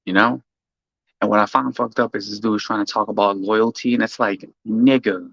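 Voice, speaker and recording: Streamer guy, low and gravelly, profane rambling rant, dry dull mic. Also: moderate pace, no echo. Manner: profane, rambling, animated rant with frequent restarts. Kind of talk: casual rant to chat.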